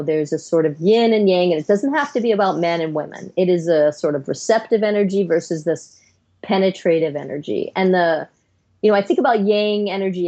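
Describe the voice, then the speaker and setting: A woman's voice: lowish voice, a little mellow, lo-fi sound. A middle-aged woman, a psychiatrist guest on a podcast interview, explaining her views earnestly in long, flowing runs.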